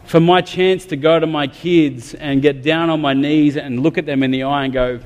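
A man's voice: fairly high pitch, fairly even intonation, normal speed, a little mellow. An Australian man preaching a sermon, talking candidly and conversationally with some humor. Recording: long reverb of a large hall.

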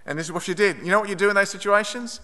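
A preacher with a high, bright, clear voice tells a story from the pulpit. He is earnest and animated, and his voice rings out in a large echoing hall. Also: rapid-fire. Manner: earnest, animated retelling, raising his voice for quoted pleas. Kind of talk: sermon storytelling.

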